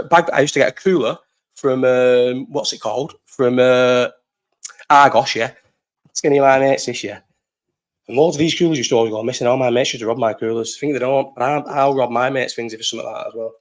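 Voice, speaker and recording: Rambling sweary Bolton-accented young man. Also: medium pitch. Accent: Northern English, Bolton. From Bolton, England. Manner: rambling, sweary, laughs often. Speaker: live stream host. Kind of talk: casual live chat.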